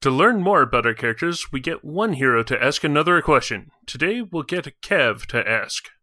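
Upbeat man as game master, with a forceful, close, dry delivery. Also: on the high side, very animated, moderate pace, no echo. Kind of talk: podcast introduction.

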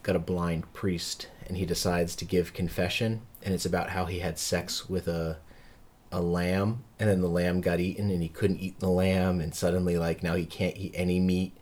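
A man's voice: sits low, little pitch movement, moderate pace, a little mellow. A man co-hosting a podcast, chatting casually and jokily about movies in a rambling way. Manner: rambling, jokey film chatter. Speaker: podcast co-host. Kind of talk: casual chat.

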